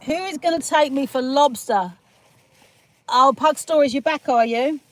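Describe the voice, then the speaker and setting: A woman's voice: high-pitched, measured pace. A woman hosting a casual livestream, rambling through her opinions, laughing often and greeting viewers as she reads their comments. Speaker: livestream host reading chat comments.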